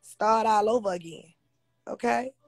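A woman's voice: on the high side, unhurried, no echo, soft background music. A woman hosting a casual livestream on her phone, blunt, profane and confrontational as she talks to viewers. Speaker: livestream host.

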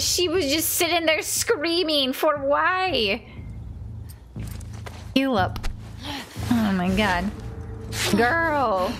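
Lively-pitched woman streamer chatting. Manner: chats with viewers, drops to whispers while sneaking. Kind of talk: casual let's-play commentary.

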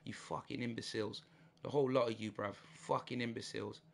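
A man's voice: mid-range voice, fairly even intonation, a little fast, gravelly. A young man streaming a football video game, ranting in frustration with slang and swearing. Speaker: gaming streamer. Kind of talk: live gameplay reaction.

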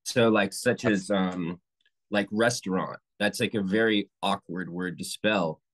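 A man chatting casually on a podcast, animated and swearing, his voice jumping up when he gets excited. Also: low-pitched, a little slow, rough recording.

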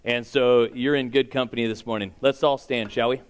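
A man's voice: medium pitch, steady tone, fairly quick. A man giving church announcements in an upbeat, joking way and leading a short prayer.

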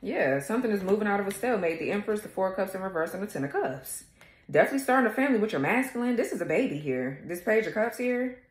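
An animated woman of medium pitch talks fast through a casual tarot reading, her voice carrying a roomy sound. Blunt and sassy with plenty of swearing, she addresses viewers head-on and laughs at times.

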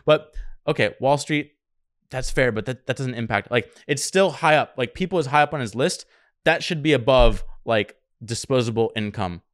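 A man co-hosting a casual podcast chat, talking fast and excitedly and swearing freely. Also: mid-range voice, no room sound, studio quality. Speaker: podcast co-host.

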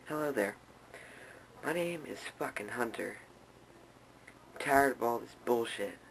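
A man's voice: medium pitch, lively intonation, a little slow, creaky, fairly bright tone, a little hiss or hum, poor audio. A man playing a fed-up, angry version of himself who rants with a lot of swearing. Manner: grumbling, profane ranting. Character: fed-up angry young male ranter.

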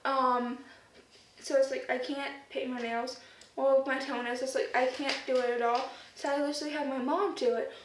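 A woman's voice: high-pitched, level tone, moderate pace. A woman chatting casually to her camera as a vlogger, rambling with lots of fillers. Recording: roomy echo, distant mic, faint noise.

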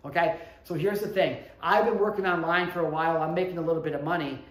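A man in his thirties giving a motivational talk, telling a personal story with emphatic swings between hushed and loud delivery and casual swearing. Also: on the high side, steady tone, fast. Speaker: motivational speaker. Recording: echoey room.

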